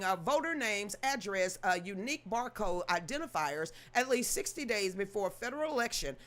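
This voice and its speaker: A woman's voice: a little high, a bit bright. A woman reading news aloud, then ranting about it in an emphatic, sassy, scolding way. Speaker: political commentary host.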